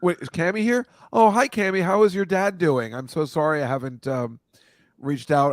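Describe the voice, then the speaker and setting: A man's voice: on the high side, normal speed, no room sound, studio quality. A man hosting a casual chat, rambling and swearing as he riffs through photos. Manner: rambling, profane, riffing on photos. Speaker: host.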